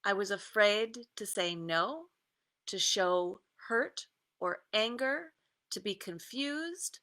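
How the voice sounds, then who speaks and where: A woman coach giving a casual guided meditation talk, easygoing, with many pauses and fillers and some reading aloud. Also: mid-range voice, expressive, bright, forceful tone. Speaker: creative success coach.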